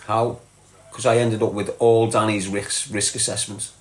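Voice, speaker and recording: A man's voice: on the low side, little pitch movement, moderate pace, reverberant. A man with a Scouse accent from Liverpool, hosting a live stream and chatting bluntly to viewers, reading out comments and swearing freely. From Liverpool, England. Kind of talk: casual live chat.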